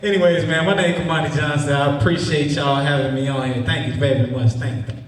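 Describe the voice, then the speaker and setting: A man's voice: a little high, fairly quick, far from the mic. A young man doing a stand-up set, loose and profane, then chatting about his start in comedy. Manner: loose, profane, animated storytelling. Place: stage in a cinema. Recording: echoey hall, voice from off mic, faint noise.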